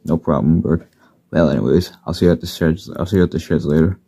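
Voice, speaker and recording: A man's voice: very deep voice, fairly even intonation, fast, creaky, dark tone, breathy edge, no room sound, clean studio sound, full character voice. A man voicing a supportive male train engine who speaks plainly. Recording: dull lo-fi recording.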